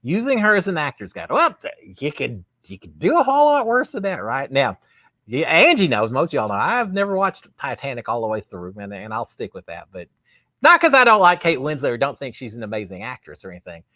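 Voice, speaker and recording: A man's voice: mid-range voice, huge pitch swings, brisk, pushed and bright, no echo, studio quality. A man hosting a live show, chatting casually and reading viewer comments in a rambling, self-deprecating way with frequent laughs. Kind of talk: casual live-stream chat.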